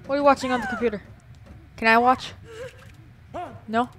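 A woman's voice: fairly high pitch, steady tone, moderate pace, slight background noise. A woman casually commenting as she plays a horror game, chatty and giggly, talking to the characters on screen. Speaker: gaming video host. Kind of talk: casual let's-play commentary.

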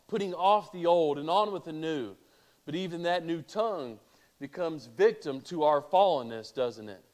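High-voiced preacher. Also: male voice. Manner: earnest preaching with rhetorical questions. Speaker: pastor. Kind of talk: sermon.

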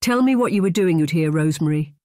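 A towering Highlander with a Scottish accent, blunt and commanding, as a narrator plays him. He talks in short, authoritative lines from an audiobook read, recorded dry and close. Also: lively intonation, quick pace, mellow, no room sound, lightly acted. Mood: firm. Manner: commanding, blunt, dialect words. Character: brooding giant Highlander man, commanding. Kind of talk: audiobook character voice.

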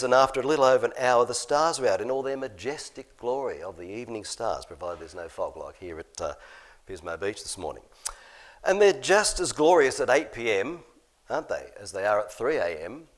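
A man's voice: medium pitch, animated, moderate pace. A middle-aged man giving an informal, chatty sermon talk over slides, often restarting phrases and chuckling at his own jokes.

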